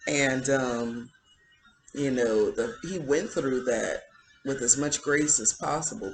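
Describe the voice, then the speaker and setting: A woman's voice: very deep voice, rough recording. A woman giving a casual spiritual commentary, chatty and indignant, full of "um" and "like". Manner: chatty, filler-heavy, indignant. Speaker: spiritual vlogger.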